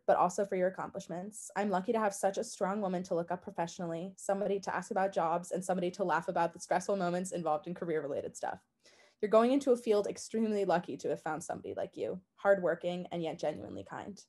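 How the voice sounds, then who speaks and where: A young woman in her twenties reads a tribute to a graduating friend at a quick clip. Her tone is affectionate, with a touch of teasing. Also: on the low side. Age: 20s. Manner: warm and fond, mildly teasing, read out. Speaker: a cappella group member giving a senior tribute. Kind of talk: heartfelt tribute speech.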